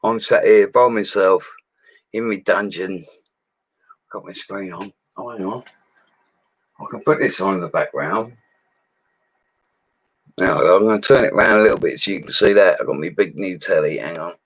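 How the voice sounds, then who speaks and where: A drunk man, a bricklayer rambling loudly to viewers on a live stream from a small room at home. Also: low voice, normal speed, pauses often, slightly rough, no echo. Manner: rambling, loud and laddish, laughing often. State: drunk, slurring. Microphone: laptop microphone.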